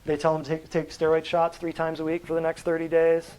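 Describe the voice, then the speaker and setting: A man's voice: on the high side, monotone, quick pace, darkish tone, clean tone, low-quality recording. A man giving a natural health talk to a live audience, blunt and combative, quizzing the room with questions.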